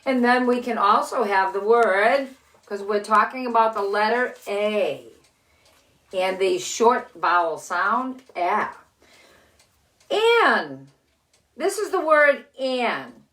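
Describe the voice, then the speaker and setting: An older woman with six grandchildren, teaching letter sounds to children in a slow, cheerful, encouraging way from her living room. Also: a little high, animated, a bit bright. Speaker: children's story host. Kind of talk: phonics lesson and read-aloud for children.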